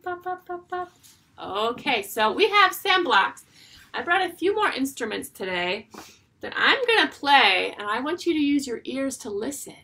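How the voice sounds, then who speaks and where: A woman teaching an online music class for young children, talking in a slow, sing-song way with drawn-out phrases. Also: fairly high pitch, creaky, bright, forceful tone.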